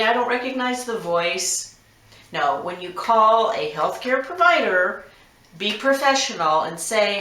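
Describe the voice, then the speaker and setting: Frank woman with a bright, roomy voice. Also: mid-range voice, expressive, a little slow. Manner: frank, instructive, lists numbered tips. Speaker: massage therapist. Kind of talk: direct advice monologue. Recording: roomy echo.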